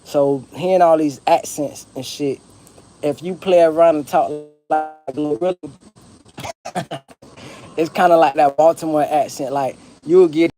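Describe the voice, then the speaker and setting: A man's voice: a little high, steady tone, measured pace, pauses often, dark tone, faint music behind. A man from Florida with a Southern accent, talking casually and profanely to camera in a rambling vlog monologue. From Broward County, Florida. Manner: rambling, profane, laid-back. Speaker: vlogger.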